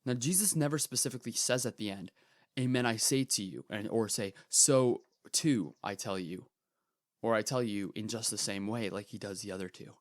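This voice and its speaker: A teenage boy hosting a podcast, retelling a parable in earnest, casual commentary with animated asides. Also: fairly low pitch, normal speed, no room sound, studio quality. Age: teens. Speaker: podcast host.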